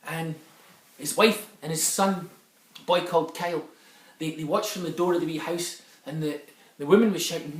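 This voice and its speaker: A man's voice: a little high, normal speed. A man with a Scottish accent telling a folk tale to children in a lilting way, slipping into dialect for the characters. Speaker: storyteller. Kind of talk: storytelling for children. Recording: echoey room, a bit far from the mic.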